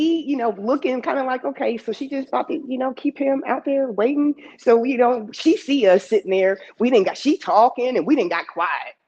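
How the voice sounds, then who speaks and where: A woman telling a personal story to a live audience in a lively, conversational way, heard in a dull lo-fi recording. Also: on the high side. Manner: lively, conversational, with laughs and asides. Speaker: storyteller and emcee.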